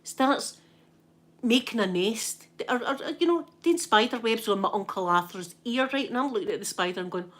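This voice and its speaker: A woman's voice: on the high side, normal speed. A Scottish woman telling a story to her live chat in a casual way, acting out what people said and often asking "right?". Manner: animated, tags lines with "right?", acts out what people said. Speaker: ASMR streamer chatting with viewers.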